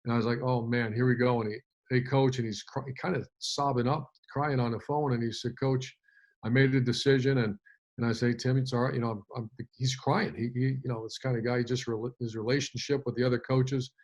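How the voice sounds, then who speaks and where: A man's voice: mid-range voice, fast. Man telling a story with lots of restarts. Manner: animated storyteller with many restarts. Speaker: football coach guest. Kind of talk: storytelling in a casual interview.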